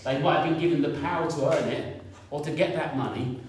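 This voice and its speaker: A man's voice: fairly high pitch, brisk. 50s guy preaching, chatty and repetitive, faint background noise, sounds far off. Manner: conversational, repeats himself, asks the congregation questions. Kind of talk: sermon. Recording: echoey room, picked up from a distance.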